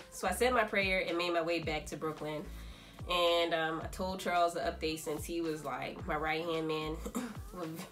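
A young woman, a fashion designer telling a story in a casual, animated vlog. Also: low voice, moderate pace, faint music behind. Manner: animated, chatty storytelling full of quoted asides.

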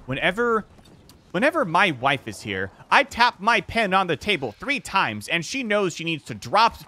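A man's voice: high voice, very animated, normal speed, pushed and bright, slight background noise, heavily acted. A man imitating a smug rich man who boasts about bossing his wife around. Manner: boastful, self-satisfied.

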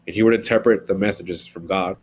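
A man lecturing on philosophy in a relaxed, conversational manner, often pausing to ask his listeners "right?". His voice sits low and has a husky edge. The recording is dull and lo-fi.

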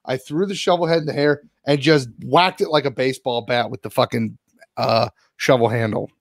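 A man's voice: medium pitch, fairly quick, no echo, studio quality. A man co-hosting a podcast, telling a long story and swearing constantly. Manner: swears constantly, animated retelling. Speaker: podcast co-host. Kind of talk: casual profane storytelling.

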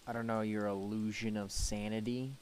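A man's voice: lowish voice, flat delivery, normal speed, a little hiss or hum. A young man streaming a survival game, swearing freely and bantering with his friend and chat in exasperated disbelief. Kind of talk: casual gameplay chat.

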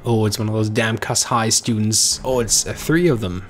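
A man's voice: on the low side, fairly even intonation, normal speed, hardly any pauses, faint music behind. A man casually commenting on a game he plays, stopping often to reads its text aloud. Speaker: let's play gamer.

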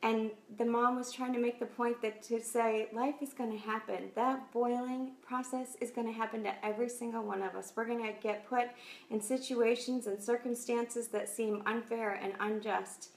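Gravelly-voiced woman giving a devotional talk. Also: on the high side, little pitch movement, normal speed, a little mellow. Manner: encouraging, earnest, storytelling. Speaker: host of faith talk show. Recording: echoey room.

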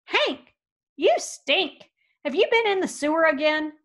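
A woman's voice: high-pitched, sing-song, a little slow, fairly bright tone, full character voice. A woman doing a scolding, weary rancher. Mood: disgusted. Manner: scolding, exasperated. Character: gruff, weary male rancher.

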